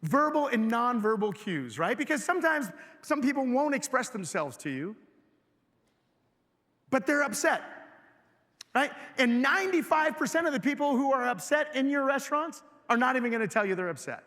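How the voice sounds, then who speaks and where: A high, lively male voice with a bright, forceful edge. He delivers a keynote to a live audience, firing questions at the crowd and pulling them in. The sound carries a long hall reverb. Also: normal speed. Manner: energetic, engages audience with questions. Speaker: keynote speaker. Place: large hotel event hall.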